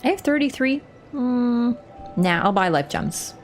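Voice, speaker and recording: A woman's voice: on the high side, animated, measured pace. A young woman chats casually on a game stream, swearing and laughing often. Her voice swoops up and down a lot. Faint game music plays behind her. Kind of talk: casual gaming stream chat.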